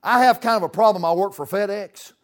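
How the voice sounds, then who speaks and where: A man preaching a sermon in a church, folksy, with dramatic swings from loud to hushed. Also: high voice, brisk.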